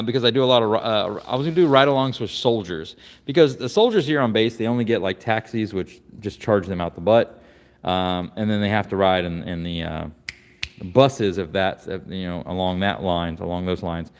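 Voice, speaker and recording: Casting: lowish-voiced man, rambling garage walkaround vlog, long reverb around him. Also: normal speed. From Florida, United States. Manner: rambling, many fillers and restarts. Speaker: vlogger showing his car collection. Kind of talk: casual walkaround chat. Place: garage workshop.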